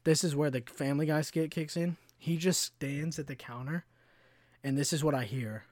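A man with a slightly high voice rants on his own podcast, telling profane, animated stories and acting out the customers in them. The sound is dry and close, with no room echo. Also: normal speed. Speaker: podcast host. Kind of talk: solo podcast rant.

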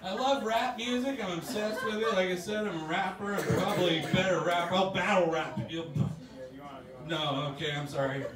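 A man performing a stand-up comedy set on a club stage, self-deprecating and animated, breaking into loud put-on voices. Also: sits high, normal speed, heavy background noise. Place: comedy club stage before a laughing audience. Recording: echoey club recording from a distance, loud crowd laughter.

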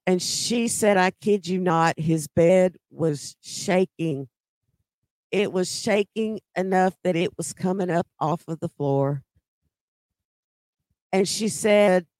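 A woman telling a personal ghost story in an unhurried way, often repeating words as she remembers. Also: fairly low pitch, a little mellow, no echo, studio quality.

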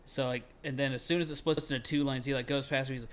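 A young man rambles through a story on a casual podcast. He leans on "like" constantly and swears without a thought. His voice sits at an ordinary middle pitch. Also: steady tone, quick pace, clean tone. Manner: rambling, heavy on filler "like", swears freely, shouts when quoting himself. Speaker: podcast co-host.

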